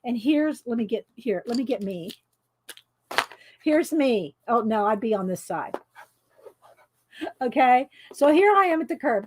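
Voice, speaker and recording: A middle-aged woman with a fairly high voice tells stories in loud, casual chat while she colors. She laughs often and talks over herself, rambling warmly from one story to the next. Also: expressive, a little slow, pauses often. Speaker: coloring video host.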